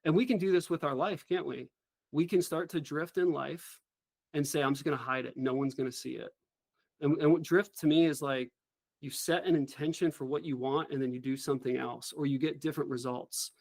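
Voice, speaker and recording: A middle-aged man, a former helicopter pilot, telling a story as an interview guest in an earnest, animated way. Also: a little high, fairly quick, gravelly, dry recording.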